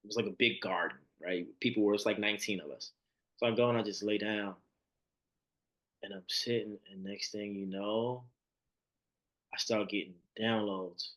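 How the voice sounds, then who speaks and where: A male podcast guest recounts a personal story in conversation, acting out the quotes as he swings between a hushed voice and high, excited bursts. He speaks at a normal speed and pauses often.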